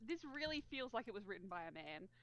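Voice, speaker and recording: An animated woman chats loosely as a podcast co-host, swearing freely. Her pitch swings widely from line to line, and she talks at a middling pitch. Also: quick pace. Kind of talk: casual chat.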